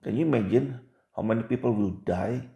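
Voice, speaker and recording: A man's voice: medium pitch, fairly quick, gravelly, warm tone, roomy sound, lo-fi sound. A man reading religious texts aloud and commenting on them, with emphatic repeats and rhetorical questions.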